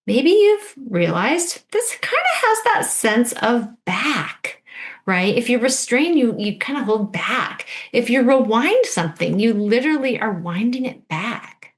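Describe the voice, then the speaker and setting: A woman's voice: on the high side, sing-song, a little slow. A woman teacher giving an instructional video lesson, patiently modeling words and prompting the listener to repeat.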